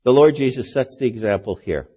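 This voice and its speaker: A male preacher gives a sermon in a relaxed, conversational style, often addressing his listeners with rhetorical questions. His voice is warm, slightly husky, medium in pitch, and fairly quick.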